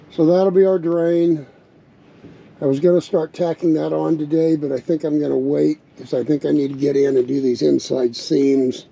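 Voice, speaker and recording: Mellow-voiced man vlogging outdoors. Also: fairly high pitch, creaky, husky. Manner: relaxed, unhurried, thinking aloud. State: slightly hoarse bark. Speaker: RV vlogger building a truck tank. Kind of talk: casual workshop vlog narration. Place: outdoors at a windy campsite. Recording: dull lo-fi outdoor recording with wind noise.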